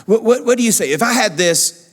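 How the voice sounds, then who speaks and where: High-voiced guy preaching, super animated, hall reverb. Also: brisk. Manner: animated, repeats phrases for emphasis. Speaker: pastor. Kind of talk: sermon. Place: church auditorium. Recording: long church hall reverb.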